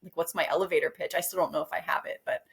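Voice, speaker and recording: Chatty woman with a slightly low voice. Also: fairly even intonation, very fast, creaky. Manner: chatty, rambling, laughs often. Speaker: guest author. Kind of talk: casual interview chat.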